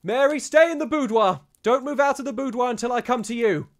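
A man voicing a frightened young gentleman in a ghost story read aloud, calling out urgently or speaking low and breathless. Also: fairly even intonation, a little fast, slightly rough, no room sound, clean studio sound. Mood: shouting, urgent. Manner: shouting, then breathless and hushed.

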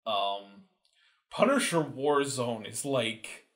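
A man hosts a casual podcast and talks at an unhurried pace. He hesitates, leans on fillers and corrects himself as he goes. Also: medium pitch. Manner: relaxed, hesitant, many fillers, self-correcting. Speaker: podcast host. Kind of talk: casual chat.

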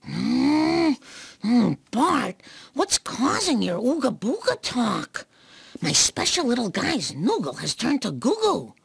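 An actress voicing a caring, worried cartoon mother with a gravelly, raspy voice and a fretful, sing-song manner. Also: a little high, sing-song, takes it slowly, no room sound, exaggerated voice.

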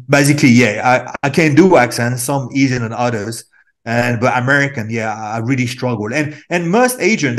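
French guy actor rambling in an interview, lively, stumbles over words a lot. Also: mid-range voice. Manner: animated, rambling, repeats words. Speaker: actor guest. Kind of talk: casual interview chat.

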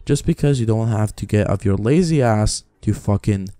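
A man's voice: on the low side, animated, normal speed, warm tone, no echo. A man hosting a reaction video, ranting in a profane, exasperated, mocking way. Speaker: reaction channel host. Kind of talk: ranting commentary.

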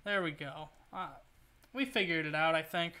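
A man's voice: on the high side, normal speed, bright, forceful tone. A man streaming a video game, rambling and joking through his play and swearing when things go wrong. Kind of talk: casual gameplay commentary.

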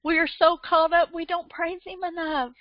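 A woman's voice: extremely high pitch, little pitch movement, moderate pace, no room sound, muffled recording. A woman preaching a sermon with fervent, emotional delivery, often breaking into repeated praises.

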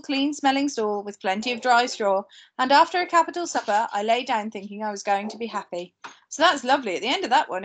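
This is a woman reading a novel to pupils, unhurried and steady. Her pitch sits a little high, and she catches and corrects minor mistakes, sometimes adding an aside.

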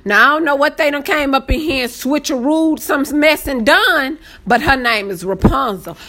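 A woman chatting casually on a live stream, greeting viewers by name and getting excited easily. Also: sits high, normal speed. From Southern United States. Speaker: planner live-stream host.

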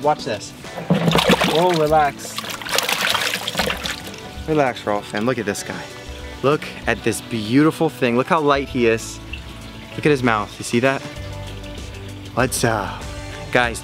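A man's voice: mid-range voice, a bit bright. Hyped young guy fishing vlogger outside by a pond, talks to his fish, faint music behind. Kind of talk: casual outdoor vlog talk. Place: outdoors by a pond.

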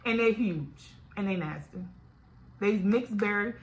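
A Louisiana-accented woman vlogger chats candidly and directly to her viewers in a casual video diary. Her voice is mid-range and a little slow, and the audio is poor.

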